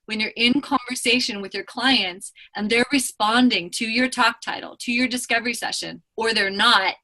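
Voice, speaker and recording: Bright, effusive woman coaching on a call. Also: fairly high pitch. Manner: effusive, fast-talking, emphatic. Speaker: business coach hosting a training call.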